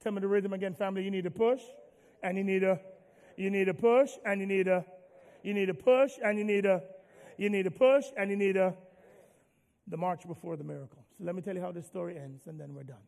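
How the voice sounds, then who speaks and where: Pastor, male, high gravelly voice, call-and-response sermon in a reverberant hall. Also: steady tone, fairly quick. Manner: call-and-response preaching, swinging from soft to loud.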